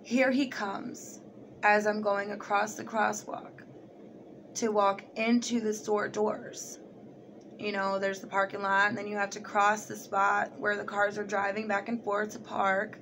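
Chatty young woman, flat delivery. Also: medium pitch, a little slow, slight background noise. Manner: rambling, heavy use of "like", animated retelling. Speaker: vlogger. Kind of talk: casual storytelling to camera.

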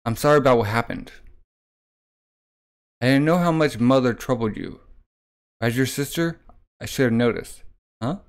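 A man voicing a gentle young princess who speaks softly and apologetically to her brother. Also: mid-range voice, moderate pace, long pauses, natural voice. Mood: apologetic.

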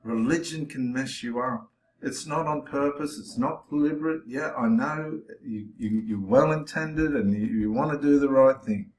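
A man's voice: mid-range voice, moderate pace, darkish tone. Impassioned male preacher in an echoey room. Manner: confrontational, challenging the listener directly. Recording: roomy echo.

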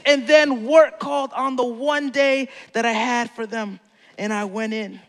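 A man's voice: extremely high pitch, steady tone, unhurried, fairly bright tone, in a large hall. A man preaching a sermon as pastor, telling a story playfully and acting out the quotes.

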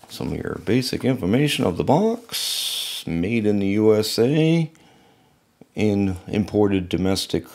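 A man's voice: sits low, creaky, a little mellow. A man casually unboxing and reviewing a knife, musing to himself as he handles it.

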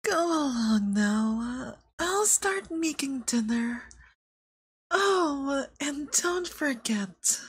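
A woman voicing a possessive, manipulative young male yandere boyfriend in a whispered role-play, speaking in a soft, sweetly controlling way. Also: high-pitched, animated, extremely slow, exaggerated voice.

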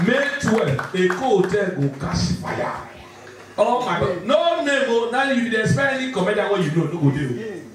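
A man with a Nigerian accent doing live stand-up comedy, bantering quickly and laughing often. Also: sits high, background noise. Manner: rapid Pidgin-laced banter, laughing often. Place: large indoor venue with live audience. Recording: echoey hall from far off, loud crowd.

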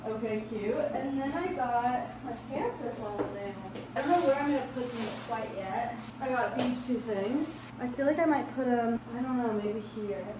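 Brief: chatty young female vlogger, higher voice, roomy sound with background noise. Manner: bubbly, quick, chatty. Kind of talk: casual vlog chat. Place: home and stores. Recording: echoey room with noise.

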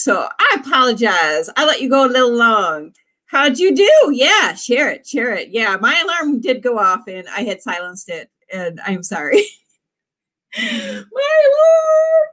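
A woman's voice: on the high side, a bit bright. A woman author hosting a live writing stream, chatting in a bubbly, effusive way. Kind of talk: casual live-stream chat.

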